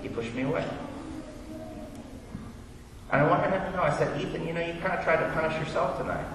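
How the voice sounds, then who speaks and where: A man's voice: on the high side, animated, fairly quick. A man, a pastor, telling a personal story in a conversational way to open his sermon. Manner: conversational, storytelling, quotes dialogue. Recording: echoey hall, distant mic, background noise.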